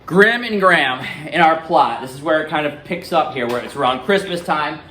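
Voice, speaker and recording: A man's voice: fairly high pitch, normal speed, slight background noise. A male teacher reading a novel aloud in a classroom and quizzing his students. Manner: lively, questioning students.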